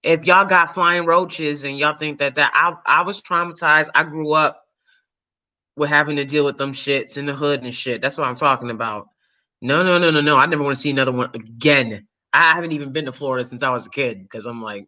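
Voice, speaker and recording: A woman YouTuber and actor chatting casually to her viewers, animated and swearing freely, breaking into loud shrieks and laughs. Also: low voice, fairly quick. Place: New York City.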